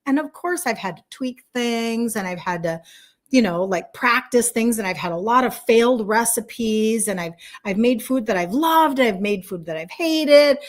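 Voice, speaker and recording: A woman's voice: fairly high pitch, animated, moderate pace. A woman in her sixties, a wellness coach chatting effusively with viewers on a live stream, rambling and laughing as she talks. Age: 60s. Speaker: wellness coach selling supplements.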